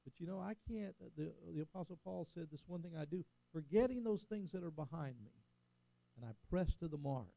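Older man, pastor, sermon, gravelly, dull lo-fi recording. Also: on the high side, animated, a little fast, mellow, dry recording. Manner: preaching, rising and falling emphasis, call-and-response "Amen?".

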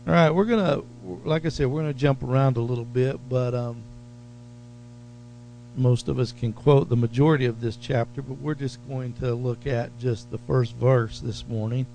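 A man's voice: medium pitch, steady tone, gravelly, mellow, slight background noise. A man preaching a sermon as pastor, leaning hard on key phrases and drawing them out. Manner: slow, emphatic preaching with drawn-out stressed phrases.

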